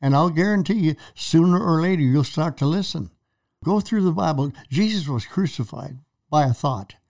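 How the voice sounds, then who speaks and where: This male preacher co-host sounds on the high side, animated, and a little mellow, with vocal fry at normal speed. He retells Bible stories on a faith talk show, performing quoted lines dramatically in a conversational teaching style.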